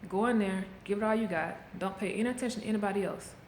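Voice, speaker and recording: A middle-aged woman speaking frankly into a handheld camera, coaching her viewers like a friend in a casual motivational vlog. Her voice sits at an ordinary pitch for a woman. It bounces around an echoey room, with a faint hum of ambience behind her. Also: steady tone, quick pace, darkish tone. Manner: candid, coaching, talks straight to viewers. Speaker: vlogger.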